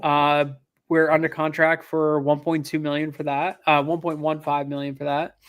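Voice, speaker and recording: This man, a land investor being casually interviewed, narrates a business story full of acted-out quotes, frequent fillers, and restarts, all delivered with animation. He speaks at normal speed in a smooth, slightly high voice.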